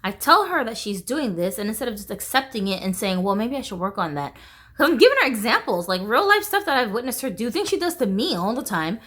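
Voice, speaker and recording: A woman vents to camera in a casual, exasperated monologue, swearing bluntly. Her voice sits a little high and moves a lot in pitch. She sounds frank and fed up. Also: sing-song, quick pace, few pauses, fairly bright tone, husky. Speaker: vlogger.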